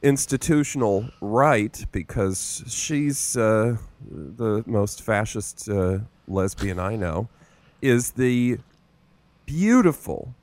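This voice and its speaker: A man's voice: fairly low pitch, very slow, darkish tone. A man hosting a casual talk show in a theatrical, mock-grand, teasing manner. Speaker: host. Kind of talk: campy casual chat.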